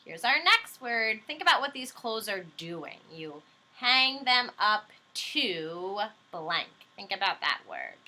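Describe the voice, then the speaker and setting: A woman teacher walks young children through a phonics lesson, patient and encouraging. Her voice is very bright, and her pitch leaps around a lot. She talks slowly and stretches out each word and letter she spells. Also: sing-song.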